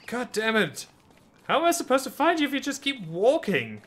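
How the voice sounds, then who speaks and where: A man's voice: extremely high pitch, huge pitch swings, normal speed, background noise. A young man chatting casually while playing a co-op game, often stammering and restarting, a bit flustered and wry. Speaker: gameplay host. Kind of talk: casual gaming chat.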